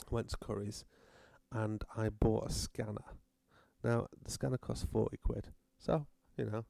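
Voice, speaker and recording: A British man with a low, gravelly voice rambles through a comic rant, dry and sardonic, cursing casually as he wanders off on tangents. The sound is close and dry, with a mellow, dark tone. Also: no room sound. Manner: rambling, sardonic, swears freely. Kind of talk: comedic rant monologue.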